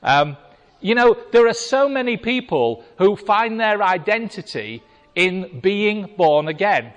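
Higher-voiced British male preacher, chatty and wry, lively delivery, long hall reverb. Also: takes it slowly. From Britain. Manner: conversational, wry asides to the congregation. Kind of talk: sermon with scripture reading.

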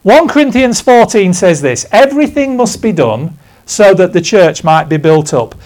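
Lively older man preaching conversationally. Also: sits high, normal speed. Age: 60s. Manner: storytelling, emphatic, self-deprecating asides. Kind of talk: conversational sermon. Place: church.

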